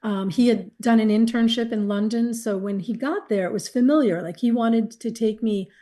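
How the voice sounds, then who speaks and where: Mellow-voiced woman telling a personal story. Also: a little high, moderate pace. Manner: candid, reflective, animated when quoting others. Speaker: guest, caregiver wife.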